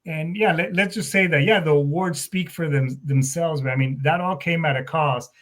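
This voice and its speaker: A man's voice: fairly high pitch, moderate pace, a bit bright. A man who hosts the interview and is a Marine veteran himself, talking in a loose, friendly way with casual slang. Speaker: podcast host, Marine veteran.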